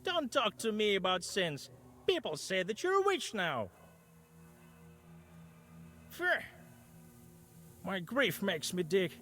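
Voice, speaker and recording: A grieving, defensive peasant. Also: male voice, high voice, wildly swooping pitch, slow, long pauses, sharp tone, soft background music, exaggerated voice. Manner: defensive and sorrowful. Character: grieving peasant man digging a grave. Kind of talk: video game voice acting.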